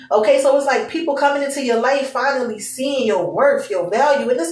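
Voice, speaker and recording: A woman's voice: sits high, far from the mic, slight background noise. Slangy, candid woman in a roomy room. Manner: candid, slangy, emotional, swears freely. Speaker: tarot reader. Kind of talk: casual tarot reading to viewers.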